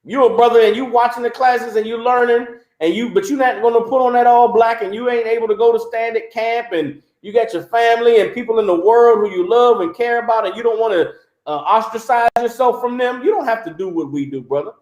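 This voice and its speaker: High-voiced man preaching. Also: a little fast, echoey room. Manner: animated, mocking, repeats "You understand?". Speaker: religious teacher. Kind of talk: livestreamed preaching.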